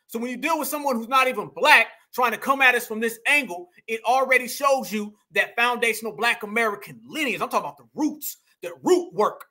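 A man hosting a commentary show, reacting to video clips in an animated, scolding way with lots of slang. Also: extremely high pitch, brisk, hardly any pauses. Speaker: commentary host.

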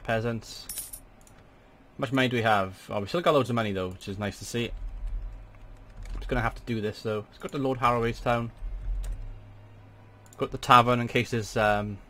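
A young man giving chatty let's play commentary as a gaming channel host, swearing in sudden excited outbursts at a desk microphone. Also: medium pitch, a little fast, pauses often.

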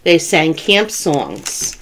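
A woman who works as a children's librarian, reading a picture book aloud with gentle, expressive storytelling. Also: deep voice, very slow, slight background noise.

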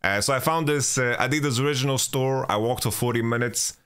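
His mid-range voice is smooth and fairly bright, and he talks fairly quickly. Hosting his own podcast, the man tells a rambling travel story, swearing freely and restarting sentences, with lots of "you know."

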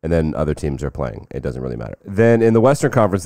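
A man hosting casual sports commentary, sarcastic, jumping between loud bursts and low muttering. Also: big pitch swings, fast talker, vocal fry, no echo, studio quality.

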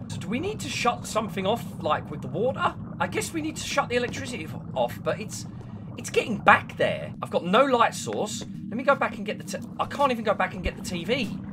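A man's voice: on the high side, background noise. Jumpy man on lets-play commentary. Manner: jumpy, panics and shrieks at scares. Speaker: gaming YouTuber. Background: game music and sounds.

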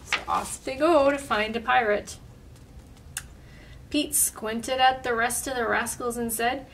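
A woman reading a picture book aloud in a lively, expressive way, adding little asides. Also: on the high side, a little slow. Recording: distant mic, faint room noise.

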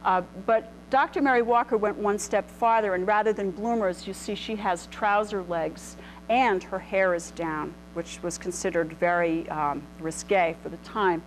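In a lecture room, a middle-aged woman talks a live audience through the history of clothing in a relaxed, illustrated lecture full of ums and false starts. Her medium-pitched voice keeps a steady tone at normal speed. The audio is poor and carries slight background noise.

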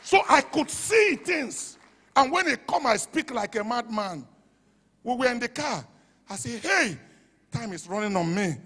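Fervent Nigerian pastor in a reverberant hall. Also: male voice, sits high, animated, normal speed, pauses often, breathy edge. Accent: Nigerian English. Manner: fervent, shouting at peaks, dropping to a hush for quoted asides. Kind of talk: sermon. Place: church hall.

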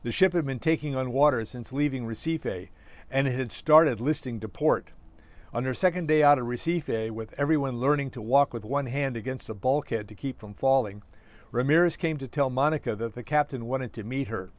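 A man, the author, reading his own novella aloud in a steady storytelling manner. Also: medium pitch, normal speed, no room sound.

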